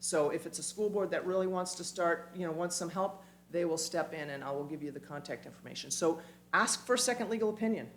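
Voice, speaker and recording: A woman giving an animated, emphatic community talk, with quick asides, in a church hall. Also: lowish voice, slight background noise. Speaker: speaker.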